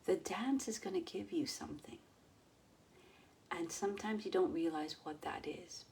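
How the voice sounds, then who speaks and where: A middle-aged woman coaching her audience in a lively way, acting out inner voices and dropping to near whispers. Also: fairly low pitch, normal speed, gravelly, a little hiss or hum. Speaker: yoga and mindset coach. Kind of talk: coaching talk to an online audience.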